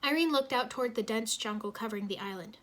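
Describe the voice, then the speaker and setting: A woman reading a fan fiction story aloud in steady narration. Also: fairly high pitch, fast. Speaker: reader.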